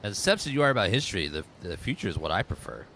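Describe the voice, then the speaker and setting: Casting: lowish, lively-voiced male streamer, rambling and chatty, loud game sound under him. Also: very fast, background noise. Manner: rambling, chatty, talks to chat. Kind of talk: casual let's play commentary.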